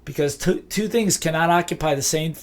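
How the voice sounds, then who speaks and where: Emphatic high-voiced man teaching. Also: brisk. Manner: emphatic, repeats key phrases, acts out both sides of dialogues. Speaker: business speaker and trainer. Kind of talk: motivational teaching talk.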